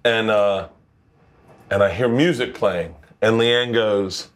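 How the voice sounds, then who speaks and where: A man's voice: on the low side, a little slow. A man hosting a cooking chat, telling stories and acting out quotes. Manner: animated, acts out quotes. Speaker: host. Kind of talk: casual storytelling while cooking. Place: home kitchen.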